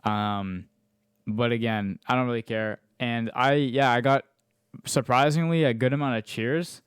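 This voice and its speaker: A man's voice: medium pitch, fairly even intonation, measured pace, clear, resonant tone, no echo, clean studio sound. A young man hosting a podcast, easygoing and chatty as he leads the questions. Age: young adult. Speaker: podcast host. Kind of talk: casual chat.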